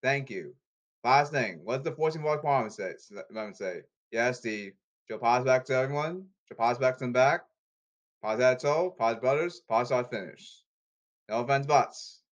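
This man speaks at a medium pitch and an unhurried pace, and the recording sounds muffled. Talking casually to the camera, he rambles and repeats himself while hopping from one topic to another.

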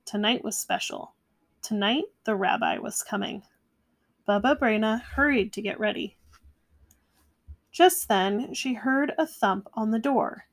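A woman reading a children's picture book aloud in a gentle, measured way. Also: a little high. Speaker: storyteller. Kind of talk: storybook read-aloud.

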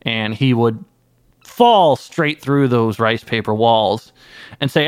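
This is a man improvising a comedy interview. He tells absurd stories with a straight, mock-earnest delivery. His pitch sits mid-range, and the dry, close sound has no room in it. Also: slow, smooth, dry recording. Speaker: guest playing an anime creator.

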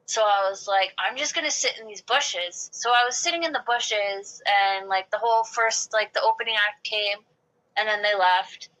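This rough recording captures a woman in her late 20s or beyond, her mid-range voice sharp in tone and moving at a moderate pace. Chatty and informal, she spins out a lengthy personal tale, peppering it with "like" and performing the quotes of people involved.

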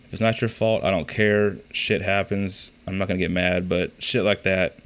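A man's voice: low-pitched, flat delivery, normal speed, a bit bright. A man hosting a casual solo podcast, telling profane, rambling, exasperated stories about his week. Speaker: podcast host.

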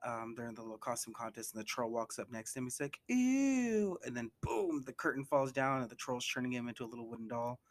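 Man, middle pitch, loose swearing movie recap, pops into squeaky voices for quotes. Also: level tone, quick pace, few pauses, fairly bright tone. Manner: loose and profane, acts out quotes with big pitch jumps. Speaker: movie reviewer.

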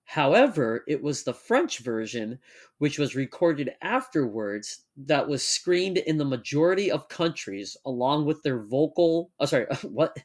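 A young man co-hosting a casual chat, joking and laughing often, and reading text aloud at a measured pace. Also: on the high side, a little mellow. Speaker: podcast co-host.

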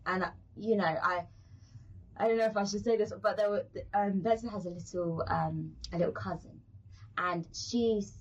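A British woman chatting as an interview guest, her voice husky and a little breathy. She tells stories in an animated way, stopping and restarting as she goes. The audio is muffled and lo-fi. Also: mid-range voice, normal speed. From England. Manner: animated storyteller, many restarts. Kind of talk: casual interview chat.

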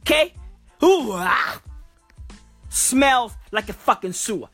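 A woman delivering a crude, profane comedic rant, repeating herself and bursting into loud, exasperated shouts. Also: on the high side, sing-song, slow pace, no echo, soft background music. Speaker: comedic ranter.

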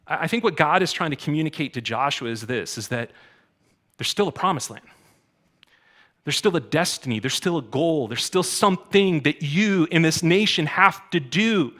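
A man delivering a sermon with a bright, forceful voice set a little high. He talks to the congregation casually, then drops low and quiet before building into loud calls to get up and move. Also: lively intonation, moderate pace. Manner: conversational preaching, quiet asides building to loud exhortations. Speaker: pastor.

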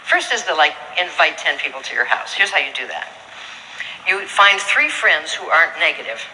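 A woman's voice: low-pitched, normal speed, background noise. A woman speaker telling stories to a live audience and acting out the voices of the people in them. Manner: animated, acting out quoted voices with laughter. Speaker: motivational speaker. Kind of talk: storytelling talk to a live audience.

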